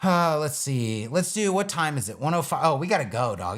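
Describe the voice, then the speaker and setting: A man's voice: fairly high pitch, very animated, normal speed, a bit bright. Casual man teaching web design live. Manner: casual, talks himself through each step while building. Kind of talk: live-streamed screen-share tutorial.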